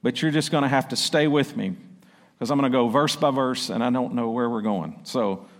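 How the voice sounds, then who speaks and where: A man preaching a sermon as pastor. He reads scripture slowly and loudly, then drops into quick, quieter asides and calls out to the congregation. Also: mid-range voice. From South Arkansas. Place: church sanctuary. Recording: long church-hall reverb.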